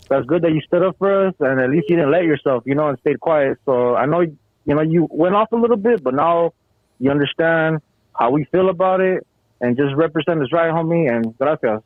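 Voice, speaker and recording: A male caller offers slangy support over a thin, tinny phone line. His voice is slightly high and dry. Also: dry recording.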